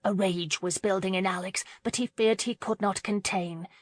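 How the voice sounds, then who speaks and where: Woman reading an audiobook, mid pitch, dry close sound. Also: fairly even intonation, normal speed, no echo. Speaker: audiobook narrator. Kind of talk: scripted narration.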